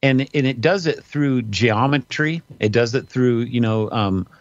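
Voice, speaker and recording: A man's voice: medium pitch, measured pace, no echo, muffled recording. A man, a pastor and podcast guest, talking casually with lots of fillers and restarts over remote call audio. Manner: rambling, many fillers and restarts.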